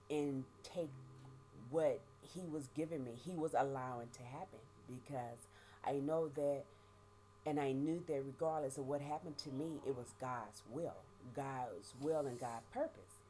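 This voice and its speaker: Slow, low-voiced middle-aged woman. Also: dark tone, slight background noise. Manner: halting, repeats words, emotional and faith-filled. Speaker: vlogger sharing life after prison. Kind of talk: personal testimony to camera.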